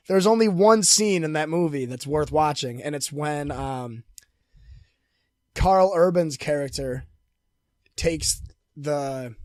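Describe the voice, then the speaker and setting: A young man with a slightly higher voice than most men, chatting as a podcast co-host. He tells stories with animated energy, swears freely and laughs often. The sound is dry and close, with no room around it. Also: no room sound. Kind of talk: casual chat.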